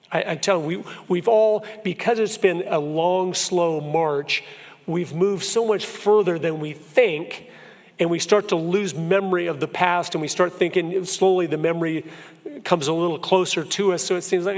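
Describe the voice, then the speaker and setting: A man's voice: sits high, normal speed. A man in his fifties from Florida, giving an earnest, emphatic church talk full of personal stories. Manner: earnest storyteller, emphatic, shifts pace a lot. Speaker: guest speaker. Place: church sanctuary. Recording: long hall reverb.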